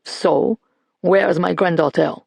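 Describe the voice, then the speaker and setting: A narrator puts on an irritable old man who once served as a police officer, grumbling and curt in his replies. His voice drops a little lower and slower than the narration, with a gravelly edge. The sound is dry and close, as in an audiobook studio. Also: fairly even intonation, a little mellow, no room sound, full character voice. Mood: grumpy, wary. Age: older.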